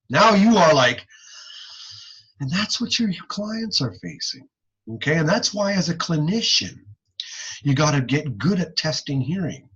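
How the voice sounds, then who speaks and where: A man teaching audiology in a recorded online lecture, folksy and animated, checking in with "okay?" as he goes. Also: fairly high pitch, breathy edge, muffled recording.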